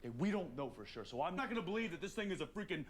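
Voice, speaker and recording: A doubtful, argumentative hunter in a TV drama, lively pitch, faint hiss in the background. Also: male voice, very fast. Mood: skeptical. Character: skeptical, blunt adult male hunter. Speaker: TV drama character. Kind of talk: TV drama acting.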